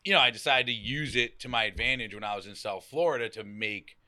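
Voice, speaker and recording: A young man with a Boston accent, a podcast guest talking loudly and outgoingly in casual conversation, swearing and acting out quotes. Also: mid-range voice, quick pace.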